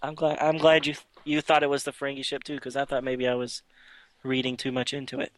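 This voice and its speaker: A man's voice: medium pitch, completely flat delivery, brisk, dry recording. A man co-hosting a podcast, chatting casually and rambling through a comic recap with many fillers and restarts. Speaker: podcast co-host.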